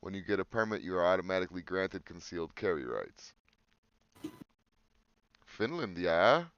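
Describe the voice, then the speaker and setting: A man's voice: deep voice, very animated, moderate pace, a bit bright, smooth, no echo, muffled recording. A man co-hosting a casual podcast, joking crudely and reading facts aloud off a screen. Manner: crude, joking, swears freely. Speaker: podcast co-host.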